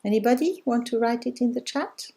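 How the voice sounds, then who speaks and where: A woman's voice: a little high, fairly quick, warm tone, husky. A middle-aged woman teaching a live online language lesson, patiently repeating questions and praising answers.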